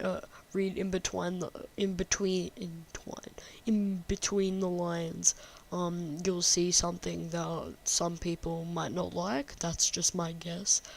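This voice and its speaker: A woman's voice: lowish voice, gravelly, a little mellow. A woman giving casual, sarcastic gameplay commentary and reading game text aloud, swearing freely. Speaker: game streamer.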